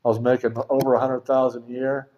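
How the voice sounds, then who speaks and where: At a recovery meeting, a middle-aged man gives personal testimony about his own recovery, rambling, frank, and casually swearing. His mid-range voice has little pitch movement and he talks fast, captured on a dull lo-fi recording.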